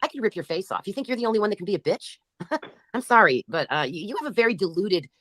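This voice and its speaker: Fast, lively, taunting woman host. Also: medium pitch. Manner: taunting, mocking, profane; reads out and answers chat comments. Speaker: livestream host. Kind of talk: commentary on livestream chat.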